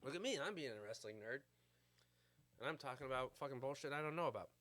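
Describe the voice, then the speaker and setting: A man in his thirties rants casually to camera as a vlogger, animated and quick, with a medium-pitched, fairly bright voice. His talk is rambling and profane, peppered with "uh" and "like."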